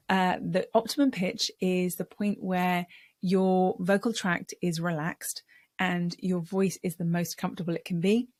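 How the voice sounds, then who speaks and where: Measured woman voice coach, low voice. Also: dry recording. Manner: clear, measured explanations with vocal demonstrations. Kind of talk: speaking tips lesson.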